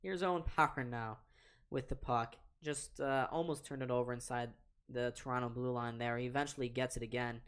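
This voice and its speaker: A man's voice: medium pitch, steady tone, a little fast, a bit bright, smooth. Young man ranting over hockey play-by-play. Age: late teens. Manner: exasperated, ranting, repeats himself. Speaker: livestream host. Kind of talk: live reaction play-by-play.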